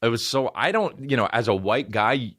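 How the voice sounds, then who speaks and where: Male podcast host in his thirties, lively comic storyteller, profane and rambling, mid pitch with very animated swings. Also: moderate pace. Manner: rambling, profane, acts out quoted people in shifting voices. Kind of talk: comedic storytelling.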